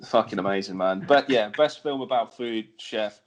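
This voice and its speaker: A man's voice: fairly low pitch, moderate pace. A man hosting a podcast in a casual, laid-back chat, swearing freely. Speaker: podcast host.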